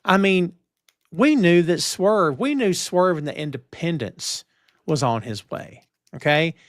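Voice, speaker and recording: A man with a fairly high voice, co-hosting a casual podcast chat. He talks in an opinionated, emphatic, old-school way, and the recording is dry and close. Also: lively intonation, measured pace, no room sound. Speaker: podcast co-host.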